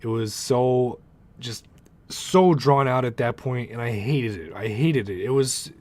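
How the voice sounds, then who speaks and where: A man's voice: mid-range voice, unhurried, no room sound. Young guy rambling about a tv show, swears a lot, gets worked up, dry close sound. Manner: rambling, profane, excitable. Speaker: TV show reviewer. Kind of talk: casual spoken review.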